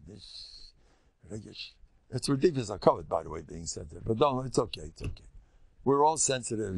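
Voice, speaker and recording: An older man, a rabbi giving a Torah lesson in an animated storytelling way, acting out quotes. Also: fairly low pitch, creaky, husky. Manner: animated storytelling, acts out quotes, mixes in Yiddish and Hebrew. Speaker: rabbi teaching a class.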